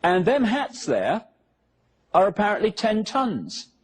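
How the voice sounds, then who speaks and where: A man's voice: sits high, huge pitch swings, takes it slowly, breathy edge. A man giving a public lecture with slides, talking the audience through pictures with sarcastic, mocking asides.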